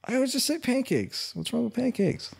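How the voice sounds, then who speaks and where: A man's voice: very high-pitched, sing-song, brisk, vocal fry, slightly rough. A young man from California co-hosting a podcast, chatting casually, rambling through stories and laughing often. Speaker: podcast co-host. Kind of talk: casual chat.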